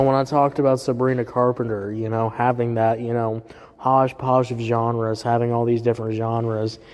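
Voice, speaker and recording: A man's voice: mid-range voice, a little mellow. Man, casual music reviewer, swearing, rambling fillers, echoey hall sound. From southern US. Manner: profane, rambling, heavy fillers. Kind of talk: casual solo review chat. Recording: roomy hall reverb.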